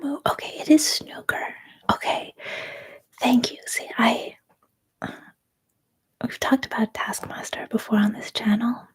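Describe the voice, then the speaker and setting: A Canadian woman in her thirties, whispering a soft-spoken, rambling ASMR livestream chat. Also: a little high, measured pace, long pauses, slightly rough. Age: 30s. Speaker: ASMR streamer.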